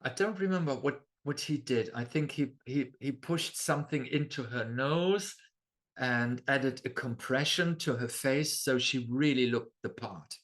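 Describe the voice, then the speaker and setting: A man with German as his first language presents a talk over slides in a chatty, unhurried way. He takes his time, speaks at an ordinary middle pitch, and keeps checking in with the listener through tag questions and small fillers. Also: fairly bright tone. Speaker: astrology lecturer.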